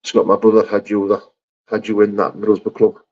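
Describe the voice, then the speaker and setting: A man's voice: fairly low pitch, monotone, a little fast, a little mellow, highs cut off. Blunt man chatting. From England. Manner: chatty, blunt, sweary, calls viewers mate and brother. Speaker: livestream host reading chat. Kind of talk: casual live chat.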